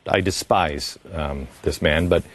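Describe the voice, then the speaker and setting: A man's voice: rumbling low, fairly even intonation, a little slow, a crowd in the background. A man hosting a radio interview, talking earnestly with many halts and restarts. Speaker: radio talk host.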